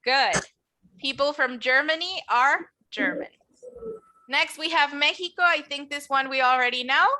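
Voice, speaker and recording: A woman teaching an English class models words for students to repeat and offers encouragement. Her high voice is unhurried, pushed, and bright.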